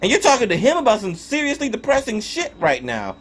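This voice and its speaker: A young man reviews a show in a loose, exasperated rant, full of swearing and stumbling restarts. His voice sits somewhat high for a man and swings widely up and down as he talks. He sounds fed up. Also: huge pitch swings, fairly quick. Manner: profane, exasperated ranting with frequent restarts. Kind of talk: casual spoken review.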